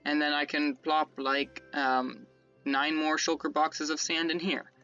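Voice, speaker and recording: A man with a bright, slightly high voice rambles through his gameplay, stopping to correct himself as he goes. The audio is dull and lo-fi, with faint music under it. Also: little pitch movement, measured pace, smooth. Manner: rambling, self-correcting, talks to himself while building. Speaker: Minecraft let's-play creator. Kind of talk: casual gameplay commentary.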